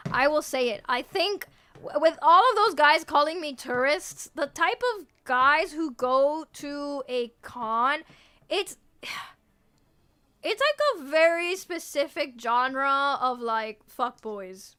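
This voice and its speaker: A woman's voice: sits high, expressive, takes it slowly, bright, forceful tone. A young woman VTuber chatting casually with her viewers, playful and teasing, laughing often and cutting herself off mid-sentence. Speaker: VTuber streamer. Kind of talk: casual stream chat, answering viewers.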